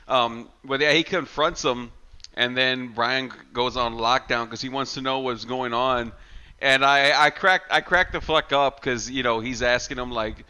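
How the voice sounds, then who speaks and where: A man's voice: medium pitch, fairly even intonation, normal speed, bright, forceful tone, clear, resonant tone, muffled recording. A man co-hosting a casual horror movie podcast, swearing freely and acting out scenes in silly voices. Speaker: podcast co-host.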